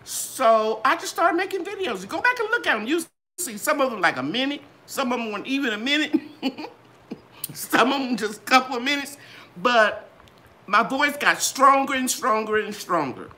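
Older lady gardening host, voice bouncing up and down, bright and chatty. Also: normal speed. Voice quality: bright, trained singer's voice. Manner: animated, sing-song ups and downs in pitch. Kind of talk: live Q and A chat.

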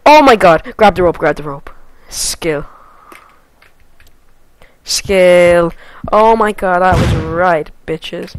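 A woman giving gameplay commentary, excitable and foul-mouthed, with loud sudden yelps and shouts between muttered remarks. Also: lowish voice, takes it slowly, long pauses, dry recording, poor audio. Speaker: let's play gamer.

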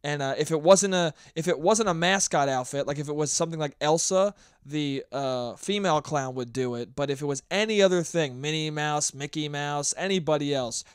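A man's voice: fairly high pitch, clean tone, no echo, clean studio sound. A man hosting his own podcast, telling rambling, profane stories in a casual solo chat. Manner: profane, rambling, animated storytelling. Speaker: podcast host.

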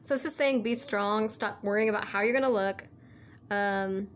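A woman's voice: medium pitch, normal speed, a little hiss or hum. A woman giving a casual tarot reading who rambles, repeats herself and keeps saying "like" and "you know", in an earnest, coaxing way. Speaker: tarot reader.

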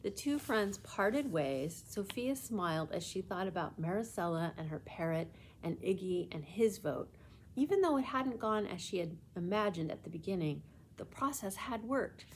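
Librarian narrator: a woman reading a children's chapter book aloud, gentle and clear. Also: mid-range voice, animated, moderate pace, slight background noise.

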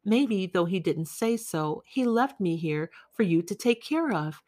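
A woman reading the part of a lonely, clingy woman who pleads softly with a guest in an audiobook. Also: medium pitch, animated, measured pace, dry recording, studio quality, lightly acted. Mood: pleading.

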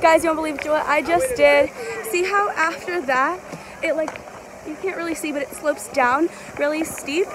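A young woman talking to camera in a casual travel vlog, chatty and excitable, with lots of "um" and "like". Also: high-pitched, normal speed, background noise. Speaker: vlogger.

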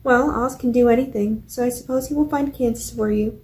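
A friendly, talkative farmer, as a woman reads him aloud in a storybook. He explains things earnestly in a mellow, somewhat high voice. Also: fairly even intonation, fairly quick, lightly acted, low-quality recording. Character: curious country farmer man, friendly and talkative.

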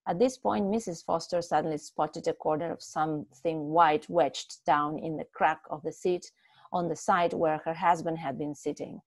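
A woman reading a short story aloud in a steady, expressive way, with a few small slips. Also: lowish voice, normal speed, no room sound. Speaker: story reader.

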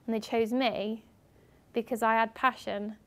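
A young woman from England giving a lively talk to students at a university as a guest speaker, acting out what other people said as she tells her stories. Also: fairly high pitch, unhurried. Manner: animated storytelling, acting out others' lines. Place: university lecture room.

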